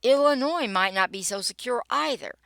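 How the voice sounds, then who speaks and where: A woman's voice: on the high side, lively intonation, moderate pace, gravelly, a bit bright, no room sound. An older woman reading her own political blog post aloud, wry and sarcastic, with dry asides. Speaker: political blogger and podcaster.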